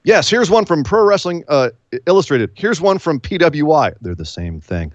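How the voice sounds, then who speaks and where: Casting note: male host, lively pitch, wry and rambling, dry lo-fi sound. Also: normal speed, dry recording. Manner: rambling, wry, throws in silly voices. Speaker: podcast host. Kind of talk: casual chat.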